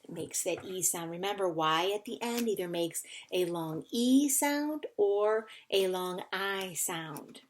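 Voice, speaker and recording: A woman's voice: mid-range voice, lively intonation, takes it slowly, hardly any pauses. A woman teacher giving a recorded phonics lesson to children, patiently sounding out and spelling words. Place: indoors at a whiteboard.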